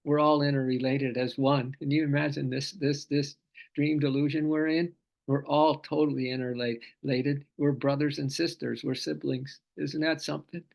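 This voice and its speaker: Man, spiritual teacher, gravelly voice, slightly high pitch, fervent, repeats phrases, drawn-out chanted vowels. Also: level tone, darkish tone, highs cut off. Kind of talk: scripture class lecture.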